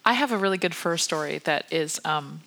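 Low-pitched woman, casual podcast chat, detailed and giggly. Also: expressive, fairly quick, gravelly, pushed and bright. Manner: chatty, detailed, laughs often. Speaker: podcast co-host.

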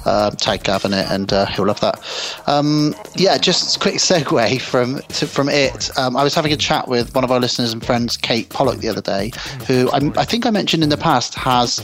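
A man's voice: medium pitch, animated, moderate pace, hardly any pauses, a bit bright. A man hosting a podcast in casual, joking, rambling chat. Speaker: podcast host.

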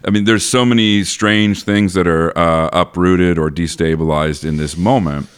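Very deep-voiced man, smooth tone. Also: normal speed. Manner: animated, thinks aloud with restarts and laughs. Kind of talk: casual literary discussion.

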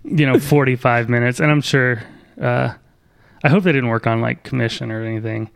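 A man's voice: mid-range voice, fairly even intonation, fairly quick, gravelly, clean tone. A man co-hosting a podcast, chatting casually and joking with lots of fillers. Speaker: podcast co-host. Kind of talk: casual chat.

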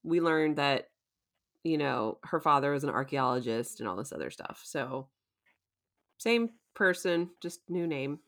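Bright, chatty woman podcast host. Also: sits low, expressive, measured pace. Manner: chatty, laughs often, acts out quotes. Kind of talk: casual show recap chat.

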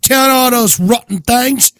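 A man putting on a fake British accent, playing a gruff, threatening brawler. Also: very high voice, measured pace, fairly bright tone, dry recording, studio quality, voice pushed up. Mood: blustery threats. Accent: put-on British. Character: angry old-school British brawler, man. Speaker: podcast co-host.

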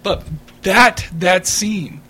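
Brief: male podcast co-host, high voice, animated and laughing, faint hiss behind. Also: drawn-out words. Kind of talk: casual chat.

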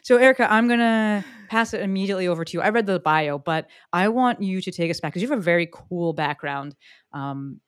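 A woman hosting a podcast, bubbly and joking, with quick asides. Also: fairly low pitch, expressive, smooth, dry recording, clean studio sound. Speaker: podcast host. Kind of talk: energetic podcast interview.

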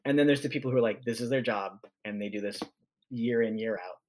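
A man appearing as a podcast guest, talking excitedly about a book, restarting sentences and running into tangents. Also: medium pitch, fast, a little hiss or hum. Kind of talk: casual book discussion.

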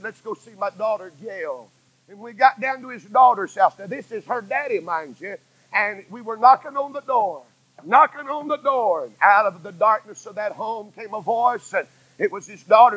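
Man, forties, sermon, husky, dry close sound. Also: sits high, fairly quick, dry recording, low-quality recording. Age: 40s. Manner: fiery preaching, swings from loud cries to hushed tones. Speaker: preacher.

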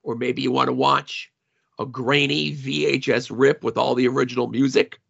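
A man co-hosting a casual podcast, with a very gravelly, husky voice. He talks in a wry, chatty way and often laughs at his own jokes. The sound is a little dull, as if from a lo-fi mic. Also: medium pitch, flat delivery, normal speed, a bit bright. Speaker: podcast co-host.

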